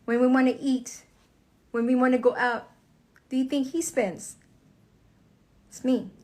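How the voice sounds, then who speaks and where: A woman's voice: sits high, little pitch movement, a little slow, a little mellow. A tearful woman in an emotional monologue, swearing angrily as she recounts her marriage falling apart. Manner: angry, profane, tearful outbursts. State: crying. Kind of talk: emotional direct-to-camera monologue.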